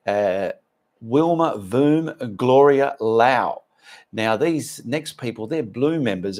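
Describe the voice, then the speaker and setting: A man's voice: medium pitch, darkish tone. A man with an Australian accent hosting a live art stream, chatting with viewers and reading out their names and messages. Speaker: art channel host.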